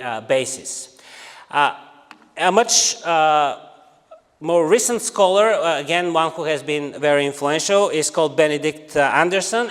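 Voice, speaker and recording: A man's voice: fairly high pitch, a bit bright, long reverb tail. A man from Bulgaria with a Bulgarian accent, giving an academic lecture in a hesitant way, with frequent filler sounds.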